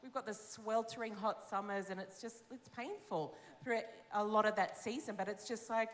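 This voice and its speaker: A woman's voice: medium pitch, moderate pace. Candid Australian woman pastor, hall reverb. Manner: candid, animated, acts out her own inner voice. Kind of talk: interview about giving. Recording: long reverb of a large hall.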